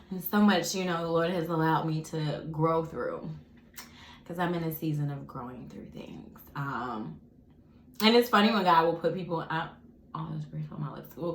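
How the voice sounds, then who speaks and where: A young woman talks casually to her viewers between bites, chatty and quick to laugh. Her voice sits a little low but swoops up and down with lots of expression. The sound carries a noticeable room echo. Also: a little hiss or hum. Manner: chatty and animated, laughing often, talking while eating. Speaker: vlogger. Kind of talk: casual mukbang chat. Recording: echoey room.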